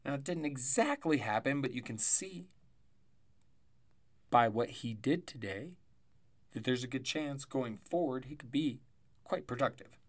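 A man's voice: mid-range voice, lively intonation, measured pace, pauses often. A man hosting a casual solo sports podcast, rambling and chatty with self-corrections and asides, tired and yawning. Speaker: fantasy football podcast host.

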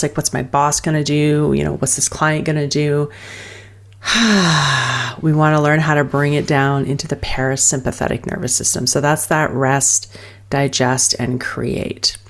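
A woman with a notably low voice talks through a breathing practice as a coach. Her delivery is soothing and unhurried in spirit, built from loose fragments and frequent fillers. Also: flat delivery. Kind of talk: guided wellness teaching.

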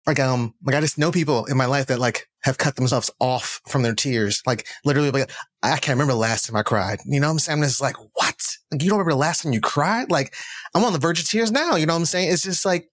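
A man's voice: medium pitch, quick pace, no echo. A man hosting a podcast in casual conversation, earnest and reflective, with casual slang. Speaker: podcast host.

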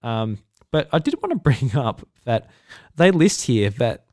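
A man's voice: mid-range voice, very animated, measured pace, a little mellow, dry recording, studio quality. A man with an Australian accent hosting a solo podcast in a casual, rambling way, full of fillers and restarts. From South Australia. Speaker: podcast host.

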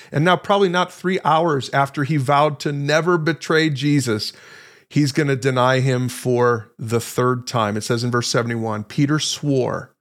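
Animated man teaching from the Bible. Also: mid-range voice, a little slow. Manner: animated, emphatic storytelling that acts out quoted lines; conversational, addresses listeners directly. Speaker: podcast host teaching the Bible.

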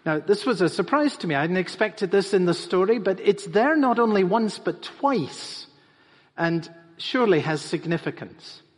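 A man's voice: sits high, lively intonation, normal speed. A man preaching a sermon as pastor, emphatic and repeating phrases for stress. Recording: reverberant hall.

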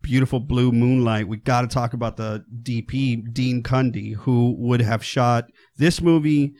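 Dude on a movie podcast, animated, cusses a lot, acts out lines. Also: male voice, mid-range voice, measured pace. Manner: animated, swearing, acts out quotes. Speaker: podcast co-host. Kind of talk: casual film discussion.

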